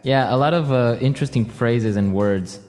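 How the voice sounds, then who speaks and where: A man co-hosting a scripted English lesson podcast, relaxed and explanatory. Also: medium pitch, moderate pace, long reverb tail, soft background music. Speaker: podcast co-host.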